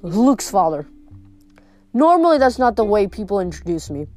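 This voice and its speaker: A woman voicing a sly, relaxed male god who talks in a casual, wry way, reading a storybook aloud. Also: medium pitch, normal speed, faint music behind, lightly acted.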